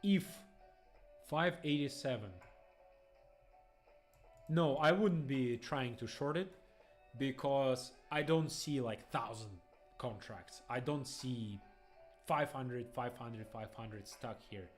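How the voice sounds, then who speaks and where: A young man, rambling excitedly through live trading stream commentary in phrasing. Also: mid-range voice, slow pace, pauses often, soft background music. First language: Russian. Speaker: day trader streamer.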